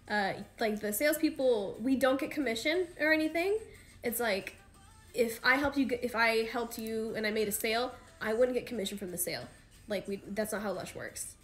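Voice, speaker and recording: A woman's voice: high-pitched, a bit bright. A young woman in her twenties chatting casually on a livestream with fans, rambling and slangy with lots of fillers. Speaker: idol livestream host.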